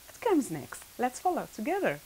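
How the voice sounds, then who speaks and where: A woman's voice: a little high, huge pitch swings, moderate pace, darkish tone, slight background noise, rough recording. A woman teaching an English grammar lesson to her pupils. She stresses key words, repeats them, and checks in often with "all right" and "okay.".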